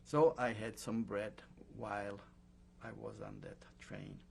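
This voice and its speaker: An older man recounting his memories in an oral history interview, speaking in a halting way with many pauses and fillers. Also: on the low side, little pitch movement, vocal fry, a little hiss or hum. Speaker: Holocaust survivor giving testimony.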